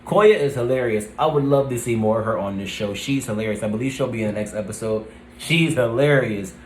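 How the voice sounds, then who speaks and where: A man giving a casual, rambling recap of a TV episode, often pausing with "let's see" and "um". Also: lowish voice, darkish tone, slight background noise. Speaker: TV review vlogger. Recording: roomy echo.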